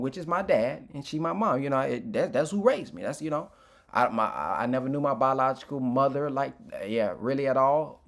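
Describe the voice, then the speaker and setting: A man speaking openly about his own past in a loose, unscripted way. He is reflective and emotional, circling back and restarting his sentences as he talks to his audience. His voice sits at an ordinary middle pitch. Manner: candid, informal, with frequent restarts. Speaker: motivational speaker. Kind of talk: personal testimony talk.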